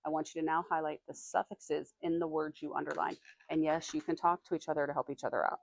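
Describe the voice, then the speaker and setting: A woman teaching a classroom reading lesson, reading passages aloud slowly and stopping to quiz her students. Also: low-pitched, flat delivery, creaky.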